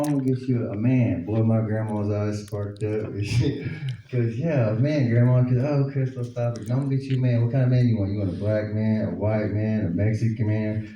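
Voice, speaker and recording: A man's voice: fairly low pitch, dark tone, lo-fi sound. A man with an Oklahoma accent doing a stand-up comedy set, telling loose stories and slipping into voices. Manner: loose storytelling with voices and laughs. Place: comedy club stage. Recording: echoey club recording from far off. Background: crowd laughter.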